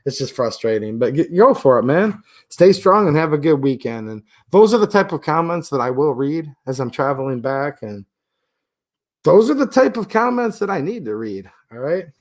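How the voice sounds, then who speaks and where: A man's voice: on the high side, very animated, normal speed. A man with a slightly raised voice hosts a casual livestream. He chats and jokes with his viewers in loose, rambling asides. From Michigan. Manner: chatty, joking, rambling asides. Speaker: livestream host. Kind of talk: casual livestream chat reading viewer comments.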